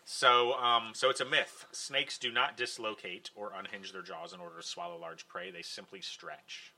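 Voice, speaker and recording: Guy hosting a live podcast, gravelly and bright, jokey and swears a lot. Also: mid-range voice, moderate pace. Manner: joking, swears casually, theatrical segment announcements. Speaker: podcast host. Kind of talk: casual live podcast chat.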